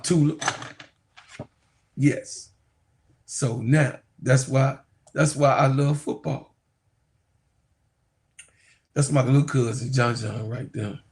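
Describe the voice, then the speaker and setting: Male streamer, unhurried chatty storyteller, gravelly fry, laughs through his anecdotes. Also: medium pitch, a little hiss or hum. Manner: rambling, laughs often, addresses viewers as y'all. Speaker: sports YouTuber talking to viewers. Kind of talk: casual livestream storytelling.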